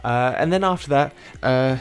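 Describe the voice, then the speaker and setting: A man's voice: medium pitch, moderate pace, clear, resonant tone, soft background music. Young man recapping his day on his vlog, rambles, corrects himself with dry asides. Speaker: vlogger.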